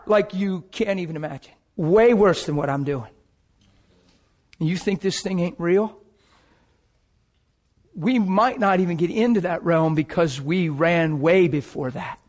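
Husky, dramatic male preacher. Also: high-pitched, a little slow, long pauses, poor audio. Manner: dramatic, emotional storytelling that bursts into shouts and laughter. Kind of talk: sermon with personal storytelling.

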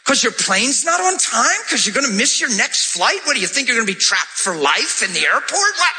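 High bright animated male preacher. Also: fairly quick. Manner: animated storytelling, acting out dialogue, shouting praise. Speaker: pastor. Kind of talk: sermon testimony.

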